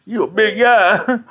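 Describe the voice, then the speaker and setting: A man chatting casually on a live stream, rambling and joking, with frequent laughter. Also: sits high. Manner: rambling and jokey, laughing often.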